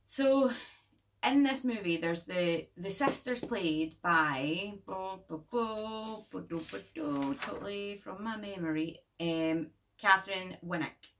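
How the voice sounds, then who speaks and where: A woman's voice: medium pitch, lively intonation, slow pace, fairly bright tone, far from the mic, a little hiss or hum. A young woman who reviews horror films in a casual vlog, chatty and rambling, swearing freely and joking along the way.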